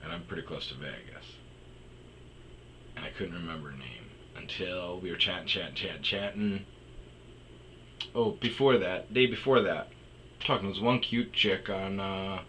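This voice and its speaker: Deep-voiced man with a tense, forceful edge, rambling casually through profane stories. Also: unhurried, pauses often, slight background noise, rough recording. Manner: rambling, profane, frequent restarts and fillers. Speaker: storytelling podcaster. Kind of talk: rambling casual storytelling monologue.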